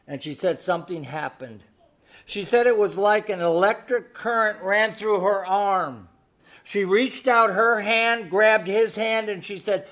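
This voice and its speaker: A man with a high, light voice preaches a sermon. He drops to a near hush while telling a story, then builds to loud, emphatic exhortation. He keeps asking the congregation rhetorical questions. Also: takes it slowly. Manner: swings between hushed storytelling and loud exhortation. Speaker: pastor.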